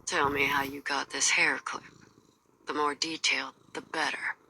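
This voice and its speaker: An actress voicing a tough, cold female mercenary in a video game, with a gruff, threatening, folksy drawl. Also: sits low, little pitch movement, normal speed, bright, forceful tone, a little hiss or hum, poor audio. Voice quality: husky.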